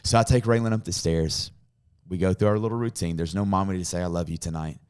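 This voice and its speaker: A man, a pastor, tells a personal story in a podcast conversation, earnest and dropping to a hush in emotional moments. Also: low voice, steady tone, fast talker, smooth.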